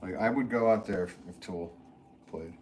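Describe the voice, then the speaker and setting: Easygoing low-voiced man chatting on a live stream. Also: normal speed, a little mellow, a little hiss or hum. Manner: easygoing and rambling, chuckles often, trails off mid-sentence. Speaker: potter hosting a live stream. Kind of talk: casual live-stream chat, reading viewer comments.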